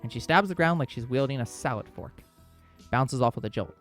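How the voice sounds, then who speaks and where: Fast-reading man narrating a visual novel. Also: mid-range voice, faint music behind. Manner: quick, steady storybook reading with small slips. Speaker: let's play host reading the story.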